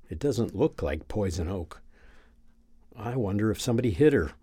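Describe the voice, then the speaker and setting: A man reading a first-person story aloud in a calm, measured, reflective way. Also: on the low side, husky, dry recording, studio quality. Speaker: narrator.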